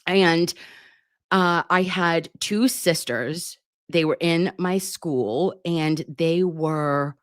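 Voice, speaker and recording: A nurse streamer in her forties with a low voice reads viewer comments during a casual live chat, giggling, chatting, sometimes getting flustered and calling viewers babe. Recorded on a computer mic, the audio is dry and studio quality.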